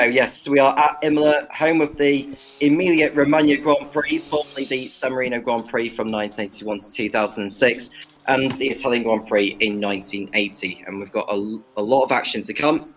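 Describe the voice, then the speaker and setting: A male co-commentator on a sim racing broadcast with a mid-pitched voice. He shares track history in an informative way, tripping over a word now and then. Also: fairly even intonation, fairly quick. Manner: informative, slightly stumbling.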